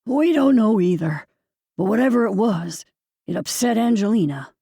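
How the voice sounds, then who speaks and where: A cautious middle-aged wife, measured and firm yet kindly, as a woman reads her. The voice is gravelly and mellow. It sounds dry and close on an audiobook. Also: mid-range voice, expressive, no room sound.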